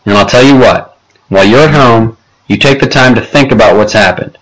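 A man reading aloud, voicing a patient male school principal who speaks in a calm, measured, gently firm way. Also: mid-range voice, close to an everyday voice, low-quality recording. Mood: kindly.

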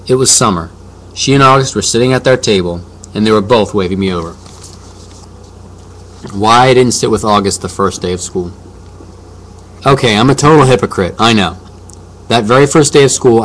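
A man reads a storybook aloud in the first person, with a lowish voice. He tells it casually, like a boy recounting his school day. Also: a bit bright. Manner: conversational, boyish storytelling. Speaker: audiobook narrator.

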